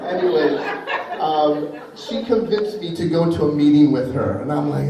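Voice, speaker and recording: Giving a keynote in an echoey hall picked up by a distant mic, a middle-aged man with a highish voice speaks at normal speed over crowd noise. His talk is chatty and self-mocking, full of stories and asides.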